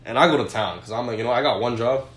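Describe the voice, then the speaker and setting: A man's voice: medium pitch, very fast, a bit bright. Laughing young man in an echoey room. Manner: laughs a lot while telling stories. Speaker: podcast co-host. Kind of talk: crude casual chat.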